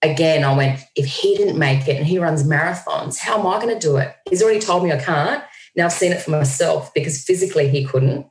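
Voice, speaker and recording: A woman, a guest on a video call, telling stories in a lively way and acting out what people said. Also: low-pitched, a little fast. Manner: animated storyteller, acts out quoted lines. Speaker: guest speaker. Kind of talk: casual video-call conversation. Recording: echoey room.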